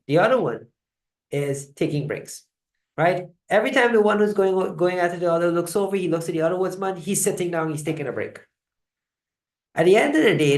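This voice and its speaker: A host running a live online talk, teaching motivational lessons and telling stories in an animated way. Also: mid-range voice. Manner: animated storyteller, shifts loudness often. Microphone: video call. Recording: roomy echoing sound.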